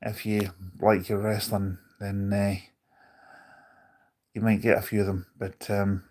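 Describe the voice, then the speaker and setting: A man's voice: lowish voice, little pitch movement, measured pace, darkish tone. A man live streaming from on board a bus, chatting casually, rambling with his opinions and reading out viewer comments.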